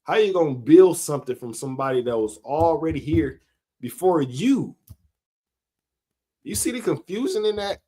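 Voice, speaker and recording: A man, giving a casual sermon-style monologue, slow and conversational, laughing between his points. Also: fairly high pitch, expressive, dark tone, breathy edge. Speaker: street preacher.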